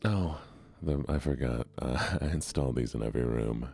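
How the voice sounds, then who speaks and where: A man who is feeling sick, soft-spoken and gentle while hosting a gaming stream. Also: a bass voice, moderate pace, vocal fry, faint music behind.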